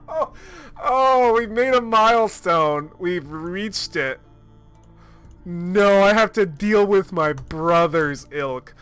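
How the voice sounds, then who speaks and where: A man narrating his solo tabletop game in casual chat. He is excitable and swears freely, with a lot of laughing. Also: sits high, extremely slow, long pauses, clean tone, soft background music. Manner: excitable and profane, laughing often.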